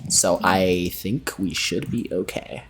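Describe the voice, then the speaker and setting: Slow-talking, giggly game master guy. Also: sits low, a little hiss or hum. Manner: laughs often, swears freely. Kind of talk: casual pre-session chat.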